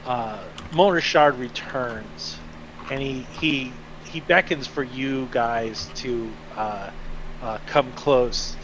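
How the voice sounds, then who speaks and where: Slow, hesitant male game master. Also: medium pitch, slight background noise, rough recording. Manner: relaxed, hesitant, many fillers. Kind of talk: narrating a tabletop game.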